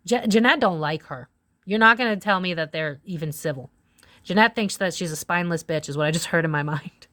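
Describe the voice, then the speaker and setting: A woman's voice: lowish voice, no echo, studio quality. Blunt, foul-mouthed woman tarot reader. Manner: blunt and profane, quick swings into loud exclamations. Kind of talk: casual tarot reading to camera.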